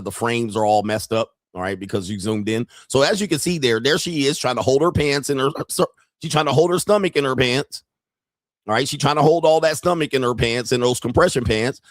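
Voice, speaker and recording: A man hosting a dating talk show, commenting casually on a viral clip with crude jokes, laughing and getting excited. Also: mid-range voice, a little fast, no room sound, clean studio sound. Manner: crude joking, laughs at his own lines; excitable, rising into shouts.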